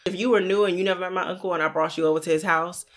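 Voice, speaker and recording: A woman's voice: lowish voice, fairly even intonation, racing. A young woman co-hosting a podcast in casual chat, laughing often and acting out her relatives' voices. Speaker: podcast co-host.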